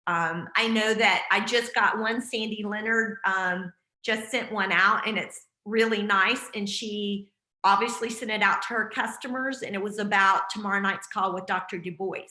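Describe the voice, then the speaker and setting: A woman's voice: mid-range voice, steady tone, moderate pace, bright, forceful tone, echoey room. A woman hosting a casual team video call, chatty and encouraging with lots of fillers.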